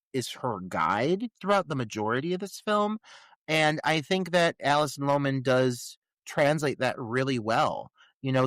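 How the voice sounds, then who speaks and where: A man's voice: medium pitch, fairly bright tone, no room sound. A man co-hosting a movie podcast, talking casually and rambling with lots of fillers and restarts. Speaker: podcast co-host. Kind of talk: casual movie review chat.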